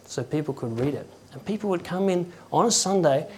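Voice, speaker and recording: Man, conversational preacher, halting delivery, acts out stories. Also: on the high side, expressive, a little mellow, slight background noise. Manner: conversational, halting, with chuckles and acted quotes. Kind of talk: informal sermon.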